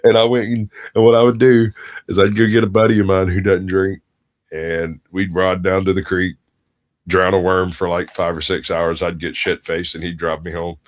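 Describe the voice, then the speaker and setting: A man's voice: sits low, level tone, moderate pace. A middle-aged man, co-hosting a podcast and telling crude stories in casual chat, laughing often. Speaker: podcast co-host.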